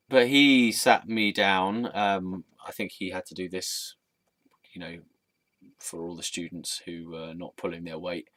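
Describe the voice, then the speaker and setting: A man's voice: deep voice, fairly bright tone, dry recording. A man telling a candid, rambling personal story in a reflective monologue, with frequent ums. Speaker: vlogger.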